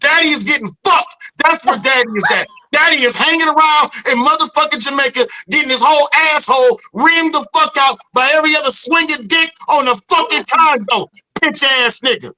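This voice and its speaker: A man's voice: very high voice, brisk, hardly any pauses, sharp tone, no echo, poor audio. A man co-hosting a live stream, taunting and cursing at a caller in a heated argument. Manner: taunting, profane, mocking. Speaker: live show co-host.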